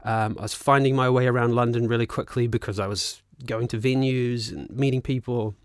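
A man in his thirties with a New Zealand accent, telling a long casual story as a podcast guest, animated, laughing and swearing freely. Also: mid-range voice, brisk, no room sound, studio quality. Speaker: guest musician and actor.

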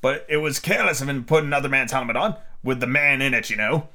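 A man voicing a bumbling, solemn male knight who invents odd things, speaking gravely and earnestly. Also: medium pitch, quick pace, sharp tone, lightly acted.

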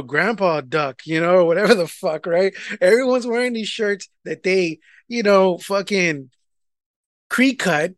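A man, telling a casual, profane story and loudly acting out the people in it. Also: sits high, no room sound, studio quality. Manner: animated, profane, rant-like, acts out quoted people loudly. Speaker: podcast co-host telling a story.

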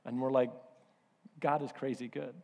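A male pastor preaching a sermon, telling a personal story in an animated way and acting out voices and asides. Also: medium pitch, normal speed, vocal fry. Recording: hall reverb.

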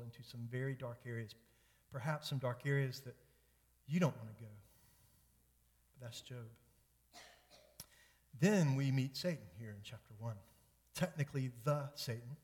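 Pastor, male, mid-pitched, earnest emphatic sermon with long church reverb. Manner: earnest, emphatic, repetitive build-ups.

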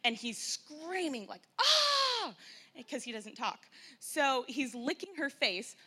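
A woman in her thirties tells a church gathering about life as a mother, chatty and full of little fillers. Her voice is bright and a bit higher than most. She slips into lively impressions when retelling moments with her kids. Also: measured pace, husky. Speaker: mother sharing at a church Mother's Day event. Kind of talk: personal testimony talk.

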